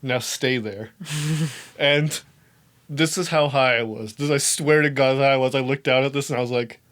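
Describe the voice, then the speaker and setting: A young man telling a story in a casual, animated way, swearing often and laughing as he talks. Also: medium pitch, normal speed. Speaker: podcast host.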